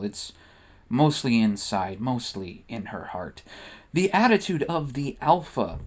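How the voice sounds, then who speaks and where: A man hosting and narrating a comedic story in a playful, animated way. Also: a little high. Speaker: host and narrator.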